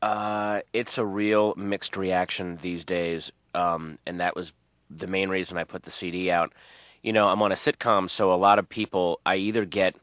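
Deep, bright-voiced comedian telling stories. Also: male voice, moderate pace, dry recording. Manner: rambling, animated storytelling with quoted voices. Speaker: stand-up comedian guest. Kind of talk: radio interview.

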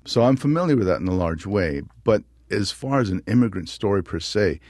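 Middle-aged male actor, low voice, lively anecdotes, dry studio sound. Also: a little fast, no echo. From New Mexico. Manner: animated storyteller, acts out voices. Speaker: actor guest. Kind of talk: interview conversation.

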